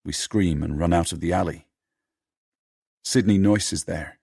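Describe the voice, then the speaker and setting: A man narrating an audiobook in a steady, measured storytelling manner. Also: low-pitched, creaky, slightly rough, no room sound, studio quality.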